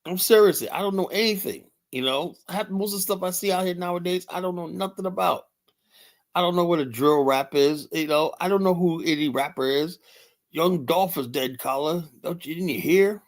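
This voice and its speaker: A man's voice: sits high, moderate pace. An older man hosting a livestream, talking casually and bluntly, swearing often and leaning heavily on "you know". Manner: rambling, blunt, profane, many "you know" fillers. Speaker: livestream host. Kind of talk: casual livestream talk reading chat.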